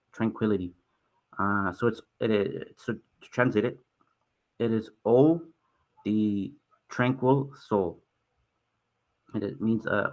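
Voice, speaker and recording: A young man teaching a Quran translation class, halting and restarting often and apologizing for stuttering. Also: fairly low pitch. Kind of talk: online Quran translation lesson.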